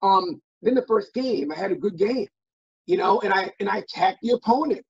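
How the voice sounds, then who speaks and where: A middle-aged man from Minnesota telling stories as an interview guest, animated and full of restarts and fillers. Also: high voice, brisk, creaky, slightly rough. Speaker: guest, former football player. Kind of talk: casual interview storytelling. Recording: dull lo-fi audio.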